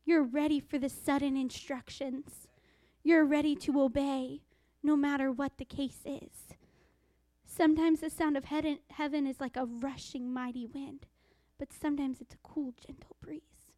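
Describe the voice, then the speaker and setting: A woman preaching a sermon, reading scripture slowly and dropping into hushed whispers for emphasis. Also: high-pitched, steady tone, no echo. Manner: quotes scripture in a slow, deliberate voice.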